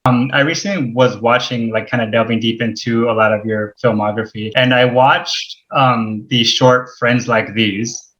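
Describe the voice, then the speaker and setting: Bright-voiced man hosting an interview. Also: mid-range voice, fairly even intonation, moderate pace, hardly any pauses. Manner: hesitant, many ums and restarts. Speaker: podcast host. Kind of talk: casual interview questions. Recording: dull lo-fi mic sound.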